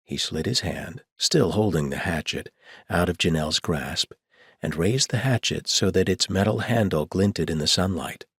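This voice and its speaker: A man narrating an audiobook in a steady storytelling delivery, on a close studio mic. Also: deep voice, normal speed, breathy edge, no echo. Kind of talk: scripted narration.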